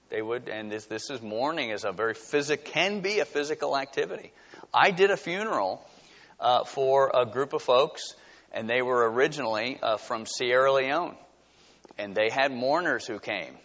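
A pastor preaching a conversational sermon, full of rhetorical questions and lively asides. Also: male voice, mid-range voice. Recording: dull sound with long hall reverb.

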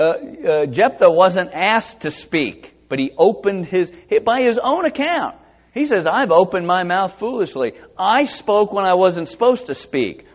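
A man's voice: on the high side, lo-fi sound. A man preaching a sermon, teaching verse by verse, reading scripture aloud and asking rhetorical questions. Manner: expository Bible teaching, reading scripture aloud in King James wording; asks rhetorical questions, lively and animated.

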